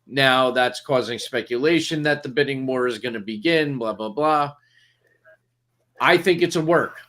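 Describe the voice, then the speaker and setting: A man's voice: mid-range voice, moderate pace, fairly bright tone. Podcast co-host guy, chatty, asks questions, regular mid voice. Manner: conversational, poses questions. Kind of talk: casual chat.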